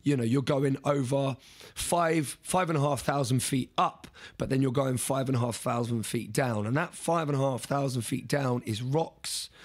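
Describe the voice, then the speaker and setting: Husky man telling a race story. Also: mid-range voice, moderate pace. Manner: earnest, restarting and repeating words. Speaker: podcast guest. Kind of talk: storytelling in conversation.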